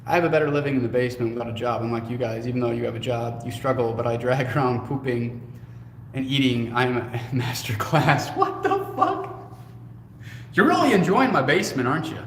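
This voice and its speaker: A man's voice: medium pitch, fast talker, fairly bright tone. A man with a mid-range voice co-hosts a laid-back livestream, reading comments and joking back at them. He talks loosely and swears casually. The sound rings through an echoey room with a long reverb tail and faint background noise. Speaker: co-host.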